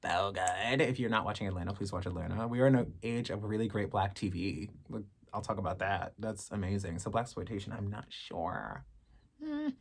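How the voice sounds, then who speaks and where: A woman's voice: very deep voice, big pitch swings, a little fast, vocal fry, breathy edge. A woman in her thirties chatting to camera as she answers fan questions, candid and sassy, swearing freely. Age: 30s. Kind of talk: casual chat to camera.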